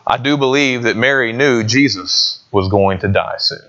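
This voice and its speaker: Conversational pastor preaching. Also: male voice, mid-range voice, normal speed, bright, forceful tone, dull audio. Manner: conversational preaching, asks the congregation questions. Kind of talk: sermon.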